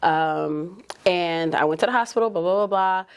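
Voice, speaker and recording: Young woman, slightly low voice, open animated storyteller, podcast guest. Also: normal speed, clean tone. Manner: open, animated storyteller who acts out quotes. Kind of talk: candid conversational interview.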